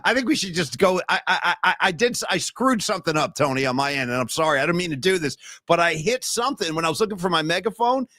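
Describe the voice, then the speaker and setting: A man's voice: fairly high pitch, lively intonation, fast talker, few pauses, bright, forceful tone, no echo, studio quality. A man co-hosting a live-streamed podcast, chatting casually and rambling in a self-deprecating way. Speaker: podcast co-host.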